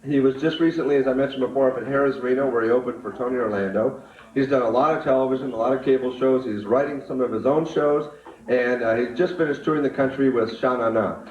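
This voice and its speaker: A man at a comedy club mic, rattling off plugs and introducing the next act at a quick clip. The sound is an old live club tape, roomy and dull in the highs. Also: a little mellow, recorded from a distance. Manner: brisk, promotional. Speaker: club emcee. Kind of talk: announcing acts to a live audience.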